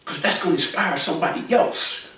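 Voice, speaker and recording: A man giving preachy advice to other people, repeating his points and often raising his voice to a shout. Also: on the high side, fairly quick, very echoey, recorded from a distance. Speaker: commentator.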